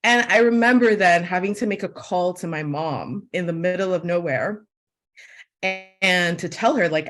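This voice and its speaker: Woman, American accent, webinar storyteller, animated, lots of fillers, lowish voice. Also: normal speed. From Sierra Leone. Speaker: webinar guest, media host.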